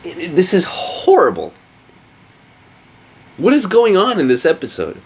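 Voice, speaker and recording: A man's voice: high-pitched, wildly swooping pitch, a little slow, husky. A man giving casual, profane reaction commentary while watching an anime episode, often exasperated and sarcastic.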